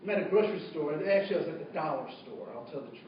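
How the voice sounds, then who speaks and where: A man telling an animated story to an audience, acting out voices and dialogue. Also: fairly high pitch, very fast. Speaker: diversity trainer telling a story. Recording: distant, dull, very echoey room recording with faint noise.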